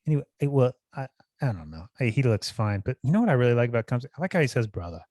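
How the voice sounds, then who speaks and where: A man co-hosting a casual chat podcast, telling stories in an animated way and mimicking the people he talks about. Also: mid-range voice, racing. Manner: animated, imitates fighters mid-story. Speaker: podcast co-host. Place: Hawaii.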